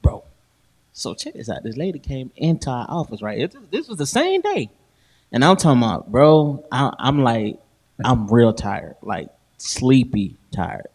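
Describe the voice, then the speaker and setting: A man co-hosts a podcast in a relaxed, chatty way. His voice sits in an ordinary middle range as he tells stories, laughs a lot and drops into slang. His delivery stays loose and conversational. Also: medium pitch, unhurried. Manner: animated storytelling, laughs often, slangy. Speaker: podcast host. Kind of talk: casual chat.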